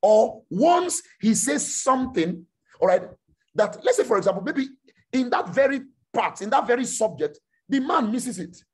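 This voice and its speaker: A male preacher delivers a sermon with a lively, swooping pitch that climbs sharply when he drives a point home. His voice is slightly husky, and he keeps repeating phrases and checking that the listeners understand. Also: moderate pace. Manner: rhetorical questions, repeating phrases, rising to shouts.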